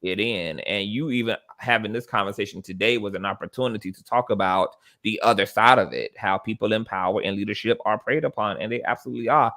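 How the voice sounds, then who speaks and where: A man's voice: fairly low pitch, quick pace, few pauses, bright, forceful tone. Emphatic man guesting on a video chat. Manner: emphatic, stresses points by repeating them. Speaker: guest, fellow live-streamer.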